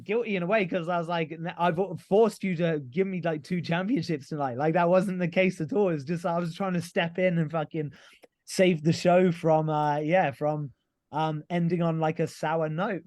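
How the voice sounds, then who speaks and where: A man's voice: on the high side, darkish tone, no echo. Chatty man telling a story, dry close sound. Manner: rambling, frequent "like" and "you know", swears casually. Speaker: podcast guest, pro wrestler. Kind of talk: casual interview storytelling.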